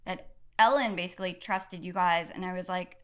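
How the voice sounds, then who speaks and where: A woman's voice: lowish voice, steady tone, normal speed, fairly bright tone. A woman in casual podcast chat, talking in a chatty way with many fillers and easy laughs. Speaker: podcast guest.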